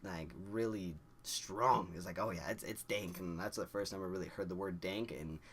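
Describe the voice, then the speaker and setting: A young man casually telling a story to camera, rambling and excitable, with lots of "like" and frequent chuckles. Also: low-pitched, quick pace, a little hiss or hum. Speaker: vlogger.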